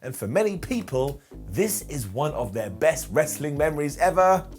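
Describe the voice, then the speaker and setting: Animated man reviewing wrestling. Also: on the high side, normal speed, faint music behind. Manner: animated, jokey, quoting wrestlers in asides. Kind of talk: retro wrestling review voice-over.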